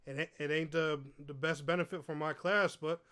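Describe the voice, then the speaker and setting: A man gives his opinions with emphasis as a podcast co-host. His voice sits a little high for a man. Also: steady tone, moderate pace, pushed and bright, smooth. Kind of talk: casual chat about games.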